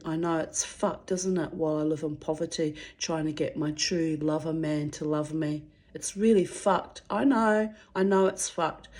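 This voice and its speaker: A middle-aged woman, telling a story to her channel in a blunt, profane and dramatic way. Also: on the low side. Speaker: vlogger. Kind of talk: casual storytelling monologue.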